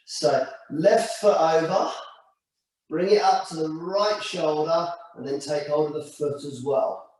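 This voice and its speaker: Calm, slow stretching instructor, man. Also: on the high side. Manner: slow, calm step-by-step cues. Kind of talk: guided exercise class. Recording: echoey room, mic far off.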